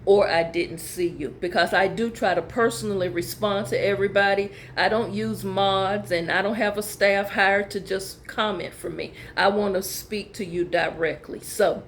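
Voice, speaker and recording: A middle-aged woman pastor hosting a casual vlog, chatty and animated, talking straight to her viewers and reading their emails aloud. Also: mid-range voice, normal speed, few pauses, slight background noise. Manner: chatty, animated, calls viewers y'all and girl. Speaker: pastor and channel host.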